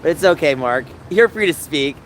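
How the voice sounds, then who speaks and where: Guy streaming live, pitch all over the place, calls out his chat by name, noisy mic. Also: moderate pace. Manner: animated, confrontational, addresses chat by name. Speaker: livestream host. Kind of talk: casual livestream chat.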